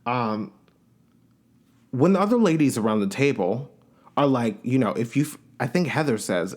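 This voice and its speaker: A man's voice: mid-range voice, very animated, moderate pace. A man hosting a podcast, giving a casual, opinionated recap of a reality show and acting out quotes in changing voices.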